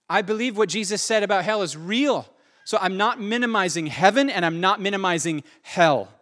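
A man's voice: high voice, a bit bright. A man preaching a sermon in an earnest, conversational way, often repeating his phrases for emphasis. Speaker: pastor.

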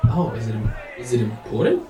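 A man's voice: mid-range voice, very animated, brisk, dark tone, roomy sound, recorded from a distance, soft background music. A man playing a tabletop game, hesitant, asking questions in character. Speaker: player.

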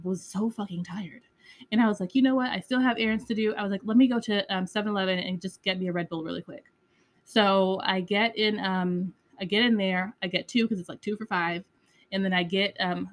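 A woman hosting a podcast, telling a personal story in a candid, casual way, with frequent swearing and lots of "like" and "you know". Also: mid-range voice. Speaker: podcast host.

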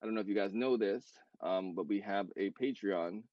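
A man in casual podcast chat about his brand, rambling with many fillers and quick self-corrections. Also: on the low side, no echo, dull audio. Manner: talks fast. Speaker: co-founder of a clothing brand.

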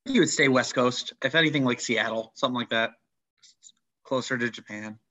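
Brief: male sports-talk guest, bright tense voice, thinks aloud, dull lo-fi recording. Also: mid-range voice, fairly quick. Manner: searching for words, thinking aloud. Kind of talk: casual sports chat. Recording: dull lo-fi audio.

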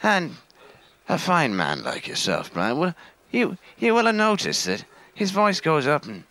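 A man's voice: a little high, wildly swooping pitch, unhurried, pushed and bright, pitched above the performer's own voice, full character voice. A man impersonating a self-deprecating chat-show host whose voice swoops up and down. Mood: teasing. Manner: sing-song, rising and falling intonation.

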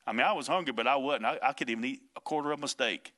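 Bright-voiced folksy man preaching. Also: mid-range voice, rapid-fire. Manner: folksy, vernacular, emphatic, chuckles between points. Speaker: pastor. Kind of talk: informal preaching on a podcast.

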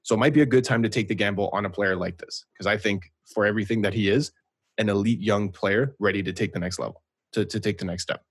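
A man's voice: fairly low pitch, steady tone, quick pace, slightly rough, no echo, studio quality. A man co-hosting a podcast, chatting casually about football and often checking in with "right?". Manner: talkative, keeps asking "right?". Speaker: podcast co-host. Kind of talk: casual sports chat.

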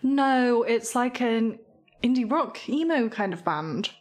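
Slow, lively-voiced young woman. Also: on the high side. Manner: teasing, giggly, slow and lively delivery. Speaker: podcast co-host. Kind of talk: casual chat.

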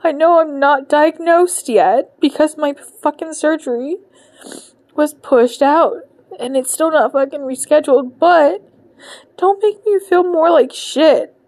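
A woman's voice: high-pitched, measured pace, a little mellow, dry recording. A woman in her thirties venting in a personal podcast monologue, emotional and close to tears, swearing constantly in frustration, recorded from her bed at home. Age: 30s. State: on the verge of tears. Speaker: podcast host.

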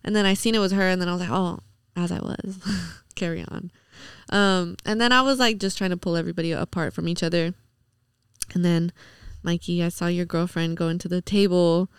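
A woman's voice: on the low side, fairly even intonation, fairly quick, clean tone, dry recording, studio quality. A young woman on a podcast, casually retelling a night out in a chatty way, acting out quoted lines and filling her talk with "like". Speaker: podcast guest. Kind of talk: casual storytelling.

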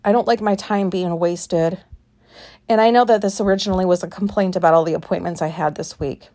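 A woman's voice: fairly low pitch, fairly even intonation, brisk, dark tone. Woman, late thirties, solo podcast host. Anxious, frustrated, rambling and profane. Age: late 30s. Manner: rambling, profane venting with many fillers. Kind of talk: casual solo podcast monologue.

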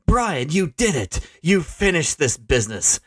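Man doing a grandly slow movie president. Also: a little high, sing-song, breathy edge, dry recording, clean studio sound, voice pushed up, heavily acted. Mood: triumphant. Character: triumphant male president in a spoof action movie.

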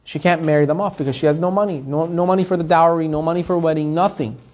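A man with a slightly high voice tells a story in a weekly Torah class. He talks fast and animated, restarting phrases and repeating words as he goes. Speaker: Torah teacher.

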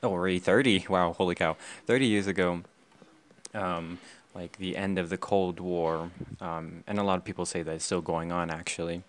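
A young man explaining things in a casual, halting and thoughtful way. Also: low voice, fairly even intonation, a little hiss or hum. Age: young adult.

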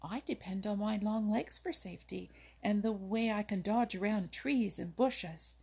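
Timid hare, read by a husky woman. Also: mid-range voice, a little slow, darkish tone, pitched above the performer's own voice, exaggerated voice. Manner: timid, hesitant. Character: timid, shy male hare. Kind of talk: storybook reading.

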